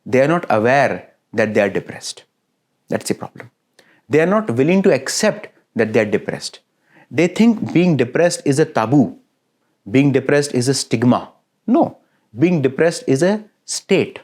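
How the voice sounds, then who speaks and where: A man lecturing at an ordinary middle pitch. He talks in a lively way, builds repeated lists of phrases and keeps checking that his listeners follow him. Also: measured pace. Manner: lively, asks listeners frequent checking questions. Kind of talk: recorded classroom lecture.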